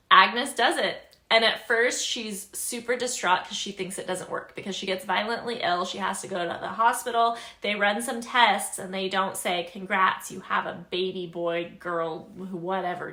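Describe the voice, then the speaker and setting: A young woman recapping a story in a casual, chatty, expressive way, laughing often. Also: mid-range voice, normal speed, roomy sound. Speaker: book reviewer.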